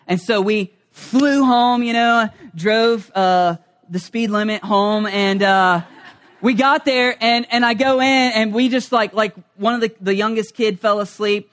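A middle-aged man preaching a humorous storytelling sermon, animated and acting out the voices in his stories. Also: sits high, unhurried, clean tone. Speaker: pastor.

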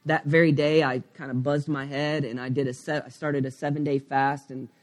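Delivering a sermon, this thirtysomething pastor speaks on the high side in a level tone at moderate pace. He tells a personal story openly, peppered with fillers and side remarks.

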